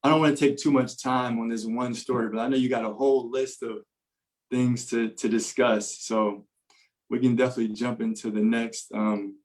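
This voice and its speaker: A man's voice: mid-range voice, fairly even intonation, moderate pace, a little mellow, low-quality recording. A man telling an earnest personal testimony as a podcast guest, with many fillers and restarts.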